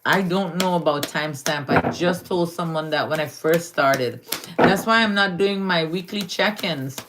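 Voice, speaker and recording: A Guyanese woman reads astrology for her live stream audience, warmly addressing them as darling and stretching her words out slowly. She has a lowish voice, and there is heavy background noise.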